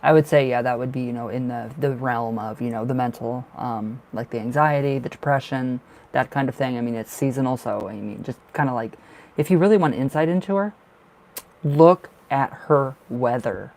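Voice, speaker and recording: A man's voice: mid-range voice, normal speed, creaky, a little mellow, a little hiss or hum. Chatty man doing live tarot readings. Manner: chatty, reassuring, emotional, lots of fillers. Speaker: tarot reader.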